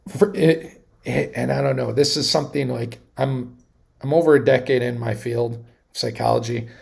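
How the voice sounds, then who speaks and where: A man in his thirties hosts a casual livestream in a heavily gravelly, fried voice. His tone is husky, and he talks in a loose, rambling way, restarting sentences and getting animated as he goes. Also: medium pitch. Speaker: livestream host.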